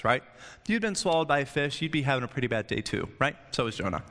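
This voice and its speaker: A man's voice: mid-range voice, lively intonation, quick pace, fairly bright tone. Man preaching casually in a reverberant hall. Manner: chatty, joking, keeps asking "right?". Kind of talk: casual sermon.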